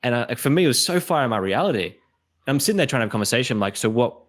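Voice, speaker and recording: A man's voice: medium pitch, very fast. An Australian man hosting a casual podcast chat, telling stories and acting out the voices of the people in them. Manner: animated storytelling, acts out quoted voices. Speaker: podcast host. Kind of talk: casual conversation.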